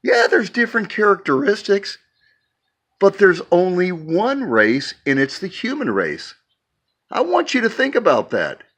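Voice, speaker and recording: A man preaching in a slow, musing way while talking from his porch. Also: high-pitched, a bit bright. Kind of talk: devotional vlog talk.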